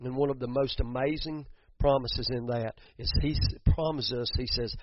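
A man's voice: mid-range voice, fairly even intonation, normal speed, hardly any pauses. A man preaching a sermon, building to emphatic bursts and repeating words as he goes. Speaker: pastor. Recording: dull muffled sound, dry.

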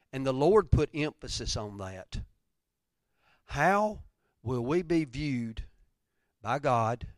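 A man preaching a conversational sermon, telling stories, then rising loud and dropping to near whispers. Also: mid-range voice, no echo, studio quality. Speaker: pastor.

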